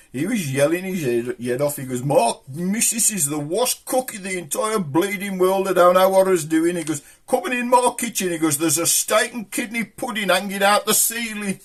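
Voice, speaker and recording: A middle-aged man with a Black Country accent, chatting casually to camera and telling jokes in a rambling way, chuckling at his own punchlines. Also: mid-range voice. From England. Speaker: channel host.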